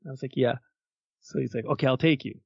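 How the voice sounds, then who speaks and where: Fast-talking man telling stories on a podcast. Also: medium pitch, creaky, slightly rough, dry recording, highs cut off. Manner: animated storyteller who acts out quotes and swears casually. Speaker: podcast co-host. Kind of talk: casual chat, storytelling.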